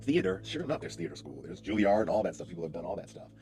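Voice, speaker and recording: Over music on a livestream mic, a deep-voiced man who is a lawyer and stage actor talks very fast and casually. He tells stories animatedly, with many fillers and restarts.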